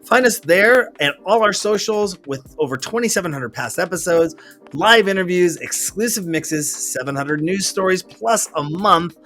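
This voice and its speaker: A man's voice: high voice, animated, moderate pace, pushed and bright, faint music behind. A man hosting a casual remote interview, chatty and rambling, with many restarts. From Washington state, US. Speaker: interview host. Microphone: remote video call.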